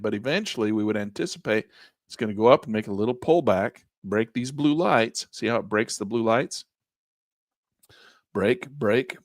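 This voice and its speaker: Male trading teacher, folksy and excitable, voice fading; animated pitch, dry sound. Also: no echo. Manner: lively, folksy, exclaims at good numbers. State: losing his voice. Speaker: trading instructor. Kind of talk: live trading lesson walking through charts.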